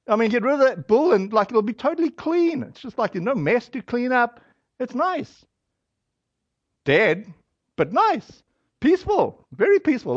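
High-voiced man preaching casually. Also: no room sound. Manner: casual and animated, acts out quoted voices, many fillers. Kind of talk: conversational sermon. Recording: dry, dull lo-fi audio.

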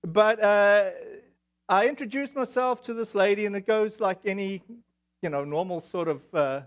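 A South African man with a high voice and a South African accent preaches a sermon at a moderate pace, weaving in personal stories. He's chatty and self-deprecating, with many fillers, and the audio is dull and lo-fi.

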